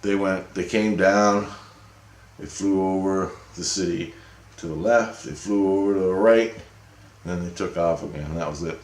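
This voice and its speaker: A man's voice: deep voice, normal speed, darkish tone. A man telling a long, rambling story in casual, profane speech, often checking in with "right?". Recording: roomy echo.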